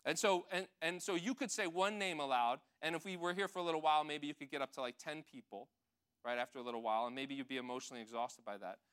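A man giving a gentle, conversational sermon, talking to the children and the adults in the congregation. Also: fairly high pitch, fast, clean tone. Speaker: pastor. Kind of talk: children's sermon with audience participation.

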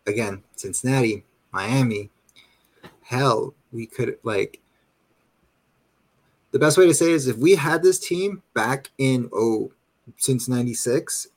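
A man's voice: mid-range voice, animated, measured pace, pauses often. A man talking in a casual, rambling way about his team, often repeating himself. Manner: rambling, repeats "you know what I mean". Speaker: panelist. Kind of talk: casual fan talk.

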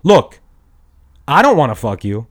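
A man in his thirties rants alone on his podcast, swearing hard and breaking into shouted bursts. His pitch leaps high and drops low as his anger swells and settles. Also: animated, moderate pace. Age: 30s. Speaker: podcast host. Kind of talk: angry solo rant.

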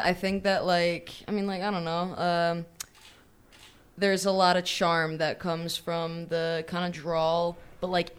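A young woman from Los Angeles, a musician guest chatting in a relaxed way on a radio show, with many fillers. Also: lowish voice, smooth. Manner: laid-back, laughing, filler-heavy. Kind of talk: casual radio interview. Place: radio studio.

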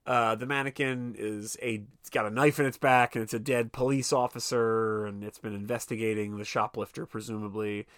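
A man's voice: on the low side, fairly even intonation, normal speed, few pauses, a bit bright, no room sound, clean studio sound. A man co-hosting a podcast, casually recapping a film with lots of swearing and acted-out character lines. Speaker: podcast co-host.

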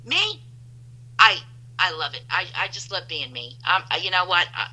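New woman, bright piercing voice, tinny phone line, loud storyteller. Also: on the low side, big pitch swings, moderate pace, slightly rough. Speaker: guest. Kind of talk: casual chat.

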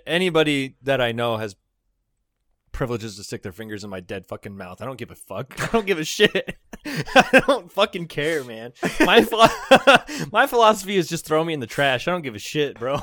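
A man's voice: on the high side, sing-song, moderate pace, a bit bright. A young man co-hosting a podcast, chatting casually with lots of laughter and swearing. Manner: laughing, profane, joking. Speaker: podcast co-host. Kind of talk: casual chat.

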